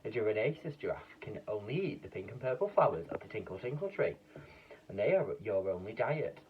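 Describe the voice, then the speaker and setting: A man voicing a grand, excitable old duke in a children's story, pompous and booming. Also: brisk, phone-quality sound, a little hiss or hum.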